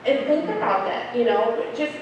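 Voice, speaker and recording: A woman's voice: fairly high pitch, normal speed, lo-fi sound. A young adult woman telling a personal story to an audience, acting out the voices of the people in it. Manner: animated, acts out quoted voices. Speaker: speaker. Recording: echoey hall, distant mic, faint noise.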